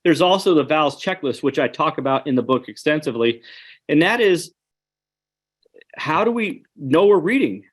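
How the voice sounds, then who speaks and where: A man's voice: a little high, animated, normal speed. A man giving an online webinar presentation, earnest and conversational, speaking straight to his audience.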